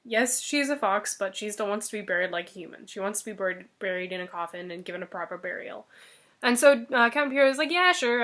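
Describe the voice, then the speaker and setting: A woman's voice: fairly high pitch, a bit bright. A woman casually retelling a fairy tale, joking and chatty with plenty of filler words. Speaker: storyteller.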